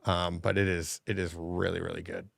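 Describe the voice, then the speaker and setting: A man co-hosting a casual home theater chat show, animated, often laughing and acting out lines from movies. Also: low voice, normal speed, creaky, no room sound, clean studio sound. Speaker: co-host.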